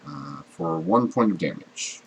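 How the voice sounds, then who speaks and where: A man's voice: deep voice, expressive, a little slow, slight background noise, rough recording. A man running a tabletop game as game master, narrating the action and explaining rules with plenty of fillers.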